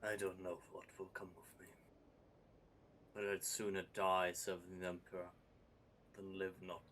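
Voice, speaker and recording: A man doing a grim devout believer with a deep voice. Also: flat delivery. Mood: solemn. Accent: put-on accent. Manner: solemn, slow, quiet. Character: devout grim man, stoic servant of the Emperor. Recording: faint background noise.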